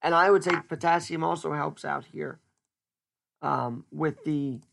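Hosting a laid-back solo podcast, a man chats and cracks jokes while thinking aloud, often starting his sentences over. His voice sits slightly high and sounds gravelly yet a touch bright, with an unhurried pace.

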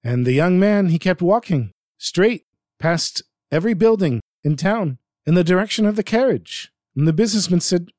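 A man's voice: a little high, moderate pace, dry recording, clean studio sound. Man telling a folktale expressively. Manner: expressive, dramatic storytelling. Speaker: storyteller. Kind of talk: told folktale narration.

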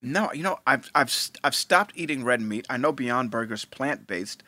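A man's voice: medium pitch, animated, normal speed, sharp tone, no room sound. A man co-hosting a podcast in laid-back casual chat, slangy and saying "man" often. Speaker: podcast co-host.

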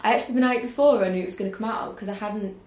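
A woman's voice: medium pitch, very fast, darkish tone. A woman, a designer and illustrator, chatting as a guest in a self-deprecating way with frequent laughter. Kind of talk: casual chat. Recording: echoey room with faint hiss.

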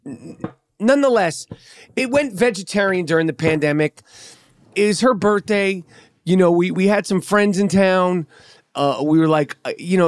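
A man hosting a podcast, telling a story in a teasing, profane, animated way. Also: high voice, normal speed, dry recording, clean studio sound. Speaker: podcast host. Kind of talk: casual podcast banter.

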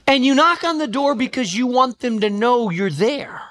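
A preacher delivering a sermon emphatically, asking the listeners questions and slowing down for scripture. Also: medium pitch, animated, a bit bright. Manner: emphatic, asks questions of the congregation; slows right down for quoted scripture.

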